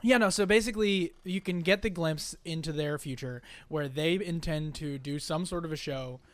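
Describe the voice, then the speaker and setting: A man's voice: a little high, moderate pace, a bit bright. A man running a tabletop game as game master, describing scenes in a rambling way full of fillers.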